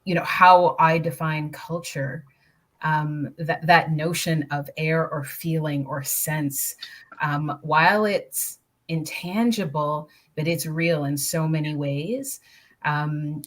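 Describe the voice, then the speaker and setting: Woman, panel guest: low-pitched, measured and reflective. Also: steady tone. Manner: thoughtful, measured, with rhetorical questions. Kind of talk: panel discussion.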